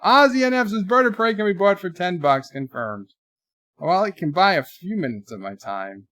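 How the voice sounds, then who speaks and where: Chatty male streamer in his forties, slightly high voice, reads out chat messages, dry close sound. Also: expressive, moderate pace, sharp tone, dry recording. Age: 40s. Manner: chatty, reads viewer messages aloud in a lifted voice. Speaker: livestream host. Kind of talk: casual live commentary, reading viewer chats.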